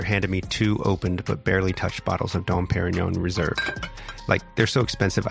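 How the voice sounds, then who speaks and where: A man's voice: low voice, gravelly. A man casually narrating a wild story as a podcast host, wry and swearing freely.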